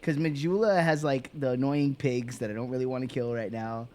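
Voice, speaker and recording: A man's voice: medium pitch, steady tone, a little fast, mellow. A man chatting casually while streaming a game, rambling and laughing often. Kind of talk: casual chat while gaming.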